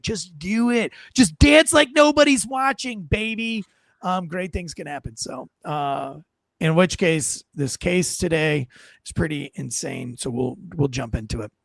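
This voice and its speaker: A man hosting a podcast in casual chat, rambling and animated, often poking fun at himself, on a close studio mic. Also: on the high side, creaky, no echo. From North Carolina. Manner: rambling, animated, self-deprecating. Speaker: podcast host.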